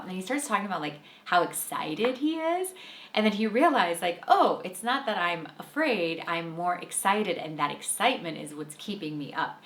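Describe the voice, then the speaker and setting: Woman, chatty spiritual talk, low voice, echoey room. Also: normal speed. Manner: chatty, uses "like" constantly, animated quoting. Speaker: podcast host and intuitive guide.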